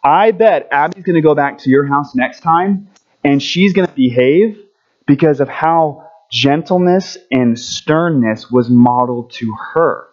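A man giving a children's story at a church service, friendly and animated, asking the kids questions as he goes. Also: on the high side, measured pace, muffled recording.

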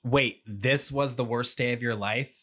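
A man's voice: medium pitch, steady tone, unhurried, music in the background. A man recapping a movie for laughs, with sarcastic, wry asides. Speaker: movie commentary host. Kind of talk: comedic movie recap narration. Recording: audio glitch.

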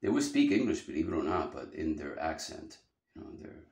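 A man's voice: extremely low pitch, big pitch swings, fairly quick, darkish tone, roomy sound. A man teaching a drawing lesson, talking casually and thinking aloud as he sketches.

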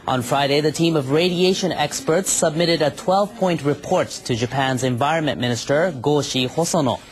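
Formal male news reporter. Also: a little high. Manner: measured, formal.

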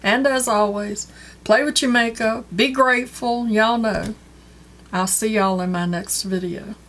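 A woman's voice: a little high, steady tone, a little slow, a bit bright. A woman reviewing a beauty box unboxing in casual, frank chat, openly annoyed about value. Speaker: beauty vlogger. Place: home porch.

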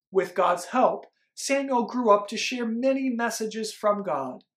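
A man leads young children through a Bible story as their pastor. He talks very slowly and gently. He pauses often for call-and-response lines. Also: high-pitched.

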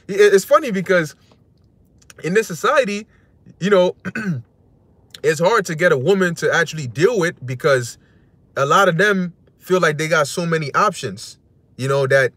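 A man with a notably high voice giving a casual religious talk. He speaks in a slangy, conversational way, dotting his lines with "you know" and quick laughs. The sound is dry and close, with no room around it. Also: fairly bright tone, no room sound. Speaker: religious teacher.

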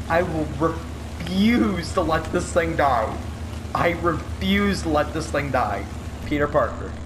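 A young man giving casual gaming commentary, swinging from mock grief to frantic yelling and swearing. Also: fairly high pitch, noisy background. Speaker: gameplay commentator.

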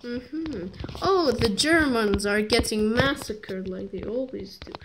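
A woman's voice: a little high, slow. A woman reviewing a strategy game in rambling, joking commentary that keeps interrupting itself. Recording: noisy recording with clicks.

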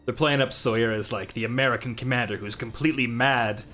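A man's voice: mid-range voice, steady tone, fast, pushed and bright. A man streaming a war game, cracking jokes and casually commenting as he plays. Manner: jokey, profane.

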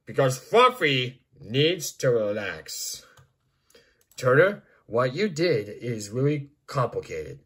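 A man voicing a cheerful, friendly male builder in an amateur storybook act, talking slowly and gently. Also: mid-range voice, big pitch swings, slightly rough, full character voice. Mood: upbeat.

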